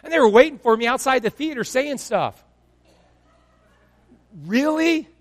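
A male pastor preaching a sermon in an animated storytelling way, swinging between loud bursts and hushed asides. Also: very high-pitched, fast, big-room sound.

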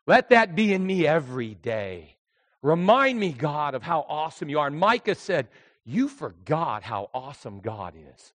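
Storytelling older male pastor, high voice. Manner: storytelling, swings from hushed to shouting. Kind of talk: sermon.

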